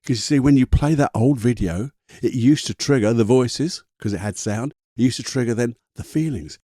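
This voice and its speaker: A man talks the listener through a calming exercise, repeating short phrases in an unhurried, guiding way. His voice is mellow and a little husky. The sound is close and dry. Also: medium pitch, no echo. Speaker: podcast host and coach. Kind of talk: guided self-help talk.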